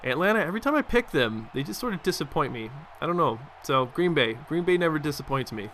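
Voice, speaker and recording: A man's voice: a little high, sing-song, fast talker, a bit bright, a little hiss or hum. A young man casually commenting over his football video game, rambling with fillers and restarts. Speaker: gaming commentator.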